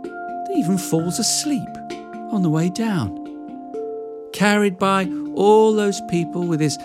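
Animated woman telling a fairy tale. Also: lowish voice. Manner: animated, conversational telling with asides. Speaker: storyteller. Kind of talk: oral fairy-tale storytelling.

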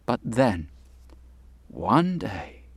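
A man telling a folk tale with unhurried, dramatic pauses and folksy asides, over guitar music. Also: on the low side, big pitch swings. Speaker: storyteller. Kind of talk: oral storytelling.

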